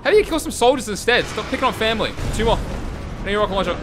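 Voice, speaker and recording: Brief: young male gameplay host, hoarse, swearing and shouting at the game, music behind. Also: sits high, animated, rapid-fire. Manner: loud, laughing, swearing, yelling at the game. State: hoarse from screaming. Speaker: gaming video host. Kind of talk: gameplay commentary.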